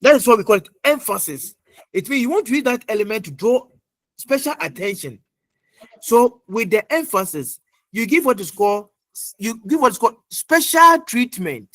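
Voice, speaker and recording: A middle-aged man lecturing an online class, repeating points and quizzing students with many pauses. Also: very high-pitched, very animated, a bit bright, no room sound. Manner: repetitive, quizzing, fills pauses with uh.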